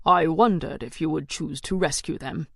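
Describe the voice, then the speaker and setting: A woman voicing a menacing male warlord king who speaks slowly, coldly and tauntingly. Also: sits low, creaky, no echo, clean studio sound, voice pushed down. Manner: slow, cold and taunting.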